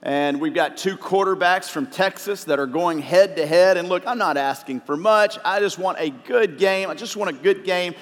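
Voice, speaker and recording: Man preaching a sermon, slightly high voice, casual fillers, echo of a big church hall. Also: moderate pace, hardly any pauses. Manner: conversational, with filler "uh"s, building to emphatic preaching. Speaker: pastor. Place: church sanctuary. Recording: long reverb of a large hall.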